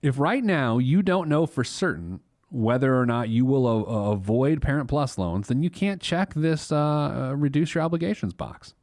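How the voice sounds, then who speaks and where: A man's voice: mid-range voice, expressive, moderate pace, few pauses, darkish tone, no echo, studio quality. A man in his thirties hosting a casual solo money podcast, talking bluntly and with animation, often restarting his sentences. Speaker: podcast host, financial planner.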